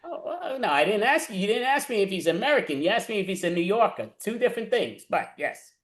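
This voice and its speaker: A man's voice: high voice, big pitch swings, fast talker, a bit bright. A man from New City, hosting a casual, playful back-and-forth on a video call, often stumbling and restarting. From New York City. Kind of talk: casual chat.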